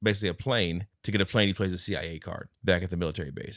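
A man's voice: deep voice, fairly even intonation, racing, few pauses, fairly bright tone, no room sound, clean studio sound. A man co-hosting a movie review podcast, teasing his co-host and retelling scenes in casual, profane chat.

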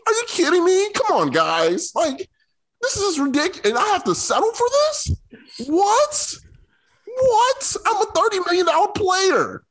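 A man puts on a full character voice, pitched well above his own, as an indignant male basketball player outraged at his small contract and squealing his disbelief. The voice is very high-pitched, sing-song and a bit bright, delivered a little slowly.

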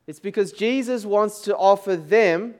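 A man's voice: high voice, measured pace, clear, resonant tone. A man preaching a sermon as pastor, talking to the congregation in a conversational, joking way. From Chinese background.

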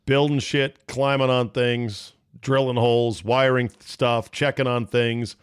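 A man hosting a sports talk show, casual and profane, riffing quickly with his co-host. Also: mid-range voice, steady tone, smooth. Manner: brash, profane, rapid riffing.

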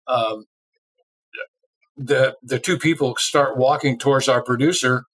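A man's voice: mid-range voice, low-quality recording. A middle-aged man from Illinois, a drummer, telling a casual anecdote in an interview and acting out the voices of people in it. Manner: lively storyteller who acts out quoted voices.

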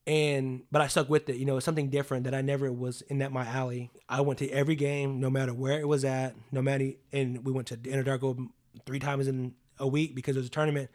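A man's voice: medium pitch, little pitch movement, fast, a little mellow. A young adult man, a podcast guest, telling personal stories in an earnest, casual way, full of "like" and "you know what I mean".

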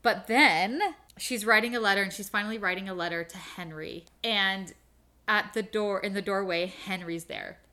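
A woman's voice: medium pitch, bright, forceful tone. A young woman on a book podcast, retelling a novel's plot in a gushing, emotional way, full of "like". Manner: gushing, emotional, quick, with filler "like". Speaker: book club podcast host. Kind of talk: casual chat retelling a novel.

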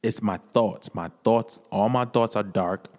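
A podcast guest with a fairly low, darkish voice speaks unhurriedly, earnestly sharing his personal testimony in casual conversation and often repeating phrases. The recording has the long reverb of an echoey room.

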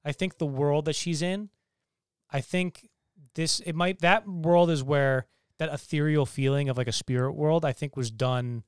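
Guy cohosting a movie podcast, kinda high smooth voice, swears a lot, acts out scenes, dry close mic. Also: normal speed, dry recording. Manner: animated, swearing, quoting people in voices. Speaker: podcast co-host. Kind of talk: casual chat, film review.

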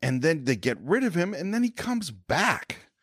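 A man's voice: on the high side, big pitch swings, normal speed, breathy edge, no echo, clean studio sound. A man co-hosting a film podcast, retelling a movie scene by scene and acting out the characters' lines in casual chat. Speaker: podcast co-host.

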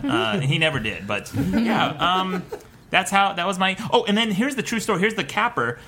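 A man tells a self-mocking story with a bright, sharp voice. His pitch swoops all over the place. There is a faint hiss behind him. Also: a little fast. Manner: animated, self-mocking, laughs mid-story. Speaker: guest comedian. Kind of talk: comic storytelling on a podcast.

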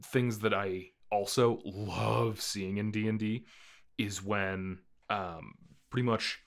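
Low-voiced man chatting casually. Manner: relaxed, rambling, many fillers, laughs easily. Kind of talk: casual movie review chat.

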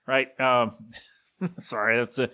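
Bright-voiced man rambling solo on a podcast. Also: mid-range voice, flat delivery. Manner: casual, opinionated, self-correcting; drops into a gruff put-on voice for quick impressions. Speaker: podcast host.

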